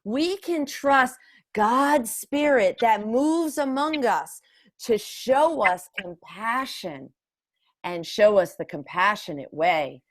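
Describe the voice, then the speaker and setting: A woman leading a children's gathering, giving a slow, deliberate sermon reflection and calling her listeners her friends. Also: a little high.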